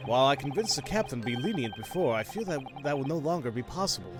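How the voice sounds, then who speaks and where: A man voicing a formal police detective in a game, in a measured, formal manner. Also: mid-range voice, lively intonation, music in the background, lightly acted. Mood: calm.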